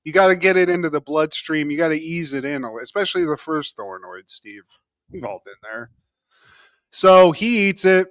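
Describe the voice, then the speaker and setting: A man's voice: a little high, animated, moderate pace, a bit bright, dry recording, clean studio sound. A man co-hosting a podcast, giving a casual, joking recap and often calling his co-host by name.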